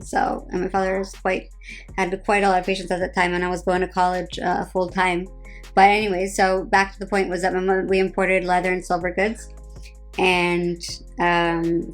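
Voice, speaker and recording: New Jersey woman, 30s, tired and sarcastic, rambling phone-live chat with faint background music. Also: lowish voice. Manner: rambling, heavy "like" fillers, sarcastic. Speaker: reality TV personality on a live stream. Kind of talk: casual live-stream chat.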